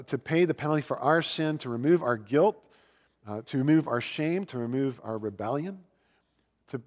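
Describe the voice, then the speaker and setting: A man preaching a sermon in a conversational, storytelling way, with fillers and lively asides. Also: medium pitch, long reverb tail. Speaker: pastor.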